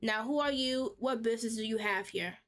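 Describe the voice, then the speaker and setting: Brisk, prim female officer, read by a woman, a touch high, formal. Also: a bit bright, natural voice. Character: prim, proud young female army officer.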